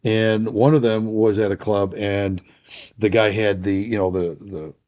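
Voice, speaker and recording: A man co-hosting a podcast about firearms in casual chat, relaxed and rambling, often restarting his sentences. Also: fairly low pitch, a little slow. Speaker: podcast co-host.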